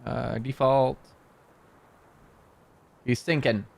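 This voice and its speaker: A man's voice: mid-range voice, flat delivery, extremely slow, vocal fry. A man running a tabletop game as game master, talking in a casual, matter-of-fact way.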